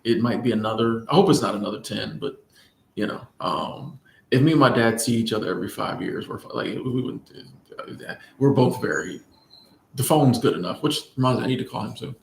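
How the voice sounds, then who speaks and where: A man hosting a casual livestream, reading chat and answering viewers in a relaxed, playful way, often repeating his phrases. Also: medium pitch, brisk, vocal fry, slight background noise. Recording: echoey room.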